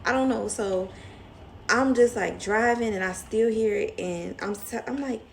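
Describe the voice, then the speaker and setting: A young woman telling a story to her viewers in a casual, animated way, acting out the other voices as she goes. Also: mid-range voice, measured pace, creaky, a little hiss or hum. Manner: chatty, animated retelling, mimics voices in quotes. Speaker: vlogger.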